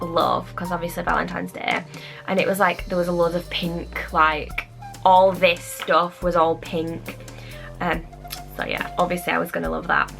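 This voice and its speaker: A chatty woman vlogging an unboxing in a rambling, excitable way, slightly out of breath. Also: lowish voice, creaky, poor audio. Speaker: beauty vlogger. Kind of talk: casual unboxing chat.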